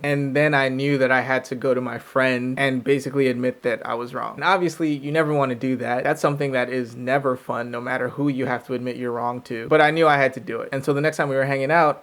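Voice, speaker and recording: A man's voice: mid-range voice, fairly bright tone. A young man talking casually and reflectively to camera, telling a personal story with self-deprecating asides. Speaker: vlogger.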